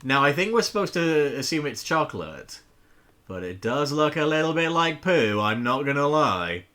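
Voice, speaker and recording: A playful man streaming a game live, his voice bouncing all over with lively pitch. The tone is bright and forward. He jokes, greets his chat and swears casually as he plays. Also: moderate pace.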